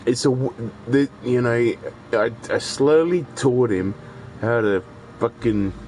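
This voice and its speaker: A man's voice: mid-range voice, slow pace, a little mellow, a little hiss or hum, rough recording. A man, chatting casually and rambling while he plays a video game, swearing freely and often restarting his sentences. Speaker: gaming streamer. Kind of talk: casual chat while gaming.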